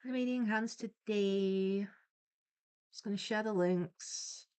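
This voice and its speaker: A woman's voice: medium pitch, takes it slowly, a little mellow, smooth. A young woman chatting casually on a live stream, greeting viewers by name in a playful, giggly way. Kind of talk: casual live-stream chat while drawing.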